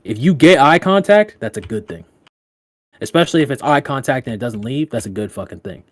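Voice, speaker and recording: A man's voice: fairly quick, no echo, studio quality. Slangy, profane young-sounding guy. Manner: loose, slangy and profane, laughing often; animated, with big jumps in pitch when telling stories. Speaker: podcast co-host. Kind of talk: casual podcast chat giving dating advice.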